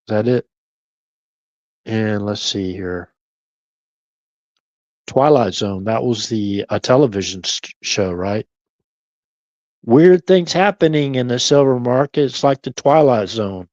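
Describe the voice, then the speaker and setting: A man drifts through a late-night live stream at an unhurried crawl, musing half to himself and chuckling as he goes. His voice is close and dry, with no room around it, and the audio is a bit dull and lo-fi. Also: lowish voice, darkish tone, dry recording. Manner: keeps voice down at times.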